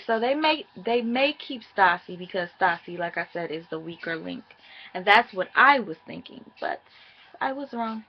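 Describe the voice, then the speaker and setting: A woman's voice: mid-range voice, highs cut off. A woman chatting casually and profanely as she recaps a reality show for her viewers.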